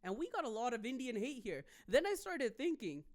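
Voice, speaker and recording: A man from Canada, a stand-up comedian hosting a podcast, telling a story in a rambling, animated way. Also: extremely high pitch, fairly quick. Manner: rambling, animated, with many fillers.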